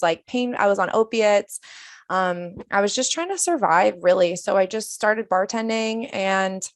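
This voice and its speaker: A chef in her twenties tells stories casually as a guest on a podcast, saying "like" constantly in a chatty interview. Her voice is mid-range, recorded with studio quality and no echo.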